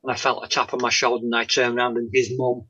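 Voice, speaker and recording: A man, a guest telling his faith testimony in an interview, halting with many pauses and "um"s and often dropping to a soft tone. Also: medium pitch, little pitch movement, husky. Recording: dull lo-fi sound.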